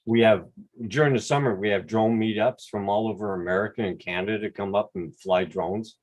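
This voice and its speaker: Laid-back quebec guy rambling on a video call, bit of swearing, lowish voice. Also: fairly quick. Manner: relaxed, rambling, mild swearing. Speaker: drone channel host. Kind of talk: casual livestream chat.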